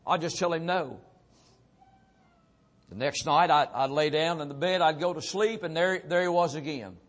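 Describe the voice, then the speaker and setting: A middle-aged man preaching, telling his own testimony earnestly and often dropping to a hushed voice. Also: a little high, moderate pace. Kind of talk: sermon testimony.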